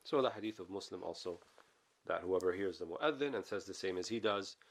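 A man teaching a classical religious text, reading Arabic passages quickly and then explaining them in English. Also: deep voice. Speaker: Islamic teacher.

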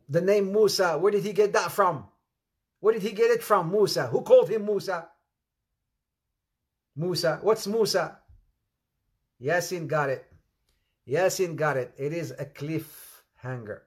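In a higher register, this male preacher moves between fast, loud passages and soft, low ones. His animated sermon keeps rising and falling as he asks the audience the same questions again.

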